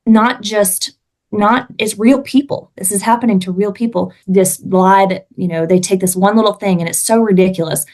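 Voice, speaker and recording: A woman's voice: medium pitch, steady tone, moderate pace, darkish tone. A woman from Alabama, a podcast guest talking passionately and often restarting her sentences. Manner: impassioned, frequent restarts. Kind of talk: casual conversation.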